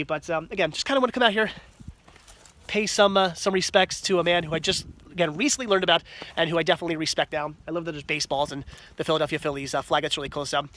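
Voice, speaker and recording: Excitable high-voiced man vlogging. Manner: excitable, gushing enthusiasm. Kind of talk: casual vlog narration. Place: outdoors at a cemetery, then inside a video store.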